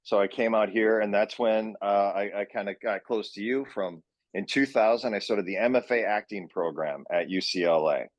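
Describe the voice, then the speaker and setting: A man's voice: on the low side, moderate pace, no room sound. A man in his forties from Minnesota, a guest telling rambling stories about his acting and casting work in casual chat. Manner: rambling anecdotal storytelling. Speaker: guest, actor and session director.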